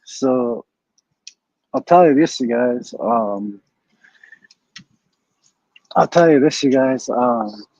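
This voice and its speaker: A man's voice: mid-range voice, expressive, slow, long pauses, darkish tone, dry recording. A man rambling through a profane story to his viewers, often saying "you guys", on a dull lo-fi recording. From Canada. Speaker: streamer. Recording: dull lo-fi dry sound.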